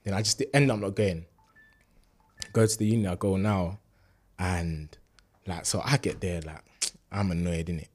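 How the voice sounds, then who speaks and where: A man's voice: sits low, normal speed, long pauses. A young man in his twenties, a university student telling a faith testimony in a loose, slangy storytelling chat full of fillers. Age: 20s. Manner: relaxed street slang, lots of fillers, animated when retelling.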